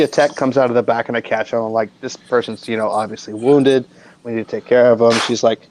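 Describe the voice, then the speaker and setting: A man casually telling a funny workplace story on a live stream, lively and swearing freely. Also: mid-range voice, rough recording.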